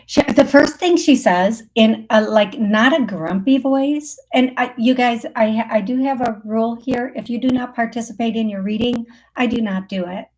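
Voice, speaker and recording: A woman hosts a casual live call-in show as a psychic medium, giving readings in a chatty, rambling style packed with fillers and self-corrections, and she laughs often. Her voice is on the high side and a little mellow, moving at a moderate pace with few pauses.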